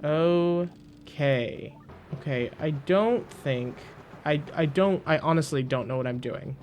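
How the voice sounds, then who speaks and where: A man commentating casually as he plays a video game, excitable and quick to mock his own frustration. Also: a little high, slight background noise.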